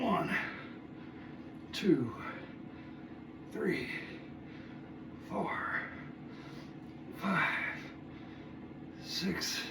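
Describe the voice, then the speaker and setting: Guy in his 60s huffing thru his reps, kinda high voice, slow talker, phone sitting way across an echoey room w/ noise going. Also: expressive, gravelly, recorded from a distance. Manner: groans and mutters between sets, chatty asides. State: out of breath. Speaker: fitness vlogger. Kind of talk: workout vlog, counting reps aloud. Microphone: phone camera set at a distance.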